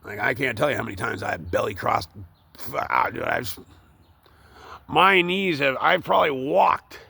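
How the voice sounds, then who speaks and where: A man's voice: mid-range voice, normal speed, gravelly, pushed and bright, breathy edge. A man rambling and swearing as he talks to the camera, outdoors up in a tree while he works on it. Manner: rambling, profane, with many fillers. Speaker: tree worker vlogging. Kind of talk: casual rambling monologue.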